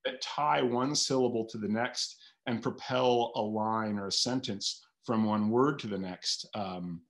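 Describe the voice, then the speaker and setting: Animated man thinking aloud. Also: on the low side, a little slow. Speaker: guest author. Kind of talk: casual interview chat.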